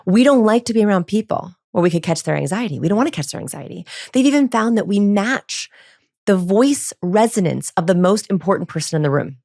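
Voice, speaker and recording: A woman's voice: medium pitch, expressive, fairly quick, creaky, darkish tone. A woman, a body language researcher, talking as a podcast guest with energy, laughing often and acting out the lines she quotes. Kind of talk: animated podcast conversation.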